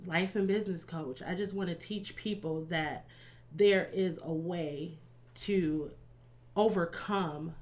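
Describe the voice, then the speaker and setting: A candid woman in her thirties, guesting on a podcast as a life coach. Her voice sits somewhat low, and she tells her story openly, often breaking into laughter. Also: takes it slowly, a little mellow. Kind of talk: candid personal interview.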